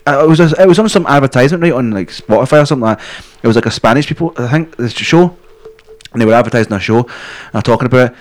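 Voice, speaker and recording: A man's voice: mid-range voice, expressive, racing. A Scottish man co-hosting a podcast, rambling and swearing constantly as he jokes. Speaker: podcast co-host. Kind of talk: crude casual chat.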